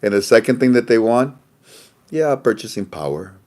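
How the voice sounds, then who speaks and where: A man's voice: mid-range voice, expressive, normal speed, darkish tone. A man hosting a casual monologue, rambling and repeating his phrases, with frequent laughter. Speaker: host.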